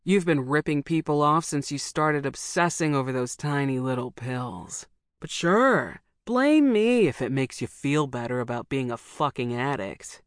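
A woman reads a cocky young man who mocks and curses, his voice pitched low. He comes across as sneering and crude in this storybook scene, set against a dry, close recording. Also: lively intonation, a little slow, no room sound. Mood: mocking. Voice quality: sneering, cursing.

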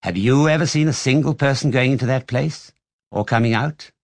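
A man gives voice to a frail old grandfather who lies in bed and loves telling tales. He speaks low and hushed, as if sharing a secret. The reading sounds close and dry, with no room around it. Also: brisk, vocal fry, dry recording. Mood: secretive. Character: very old bedridden grandfather, eager storyteller. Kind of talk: audiobook reading.

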